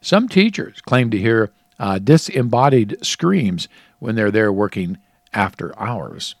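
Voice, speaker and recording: A man's voice: lowish voice, big pitch swings, slow, dry recording. Chatty man with a dry close sound. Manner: chatty, laughs often, reads out facts. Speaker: co-host. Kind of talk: casual radio chat reading trivia.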